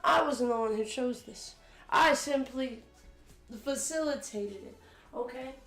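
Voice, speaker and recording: A woman's voice: high voice, unhurried, fairly bright tone, faint music behind. An eighteen-year-old woman hosting a cooking livestream in her home kitchen. She has a cold that makes her voice crack, and she chats casually, joking and swearing playfully. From United States. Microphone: desk condenser mic.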